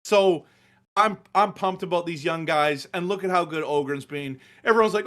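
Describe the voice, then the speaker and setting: A man's voice: on the high side, normal speed, fairly bright tone. A middle-aged man, ranting passionately about hockey in a casual sports chat. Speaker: hockey show host.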